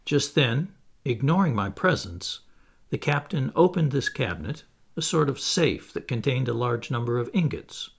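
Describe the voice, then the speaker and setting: Narrating a classic novel in the first person as an audiobook, a man speaks in a measured, expressive storytelling manner. His medium-pitched voice is gravelly with a breathy edge.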